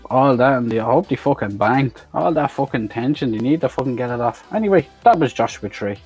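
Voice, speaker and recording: A man's voice: medium pitch, animated, brisk, a little mellow, slightly rough, faint music behind. A man giving a blunt, swear-heavy review of an action film, talking casually and with exasperation. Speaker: movie reviewer.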